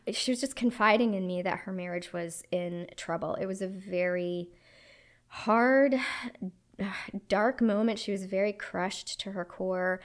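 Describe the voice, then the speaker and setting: A woman in her thirties delivers a sermon with a middle-pitched voice. She is earnest and reflective, moving between personal storytelling and scripture. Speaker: preacher.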